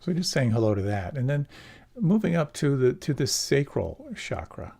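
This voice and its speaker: A middle-aged man giving a gentle, unhurried meditation talk, often restarting his phrases as he teaches. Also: medium pitch, very animated, vocal fry. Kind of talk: dharma talk.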